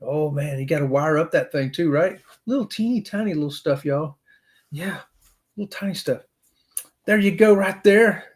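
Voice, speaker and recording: A middle-aged man with a slightly high-pitched voice hosts a relaxed live chat. He talks in a folksy, upbeat way and keeps greeting viewers with "y'all.". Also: moderate pace. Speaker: livestream host. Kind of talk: casual live chat reading comments.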